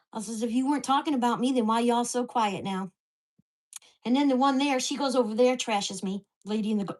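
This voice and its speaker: A woman vlogger ranting to the camera, with profane, fast-shifting storytelling and an exasperated, indignant tone. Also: on the high side, a little mellow. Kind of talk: angry rant to camera.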